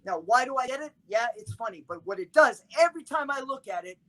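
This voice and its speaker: A middle-aged man telling stories as a podcast guest, emphatic and freely swearing, in a casual, animated way. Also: extremely high pitch, quick pace, heavy background noise. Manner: emphatic, profane, animated storyteller. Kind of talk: casual storytelling chat.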